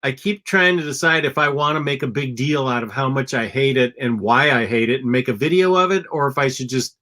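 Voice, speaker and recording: Blunt man with a bright, sharp voice. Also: medium pitch, fairly quick. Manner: blunt and opinionated, with frequent ums. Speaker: podcast co-host. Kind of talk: casual comic book chat.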